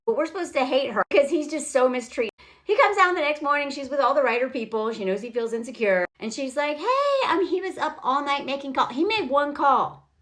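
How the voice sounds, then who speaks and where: A woman with a high, very lively voice rattles through a film recap in a chatty vlog style. She is sarcastic and mocking, and her pitch leaps around as she pokes fun at what happens on screen. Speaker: film reviewer. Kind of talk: casual commentary recap.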